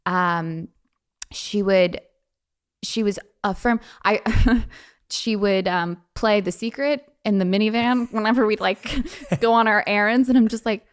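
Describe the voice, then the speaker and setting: A young woman as a podcast guest, telling personal stories in a chatty way with lots of fillers and quick laughs. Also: medium pitch, steady tone, clean tone. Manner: chatty, frequent fillers, quick laughs, acts out quoted voices. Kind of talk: casual storytelling.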